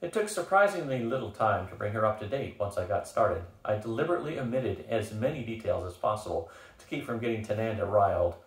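A man reading first-person audiobook narration with an expressive, wry touch. His voice sits low. The recording carries a roomy echo. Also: fast talker, far from the mic.

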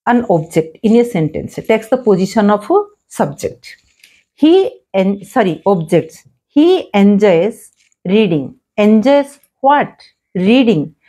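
A woman teaches grammar, her tone soft and slightly husky. Her pitch swings widely as she quizzes herself and answers. She repeats each example slowly and patiently. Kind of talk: explaining grammar lesson.

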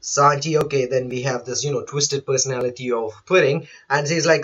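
A man's voice: mid-range voice, steady tone, brisk, a bit bright, slightly rough, dull audio. A man who is not a native English speaker, chatting through a manga chapter live, reading panels aloud and laughing often. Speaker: manga reaction host. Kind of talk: live reaction commentary.

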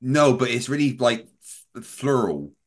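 A man's voice: medium pitch, animated, unhurried. A man co-hosting a casual livestream aftershow, telling rambling anecdotes full of fillers. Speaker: show co-host.

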